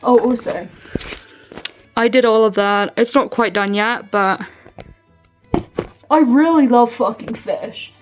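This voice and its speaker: A woman's voice: a little high, takes it slowly, pauses often. Fired-up young woman ranting, swearing freely. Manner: swears freely, fills with "like", heated and animated. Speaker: storytime vlogger. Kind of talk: casual storytime rant. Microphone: phone. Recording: phone mic from a distance with faint music.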